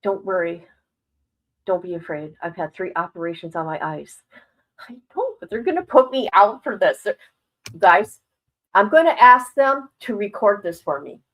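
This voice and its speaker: A woman's voice: mid-range voice, very animated, moderate pace, fairly bright tone, poor audio. Candid older woman rambling on a stream. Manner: candid, rambling, swears freely; worried yet laughing it off. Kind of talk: casual livestream chat.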